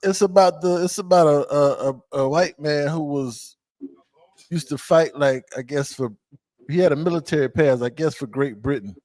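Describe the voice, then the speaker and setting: A man in a class, retelling something casually with halting restarts and hedges. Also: on the high side, darkish tone, no echo. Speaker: class member.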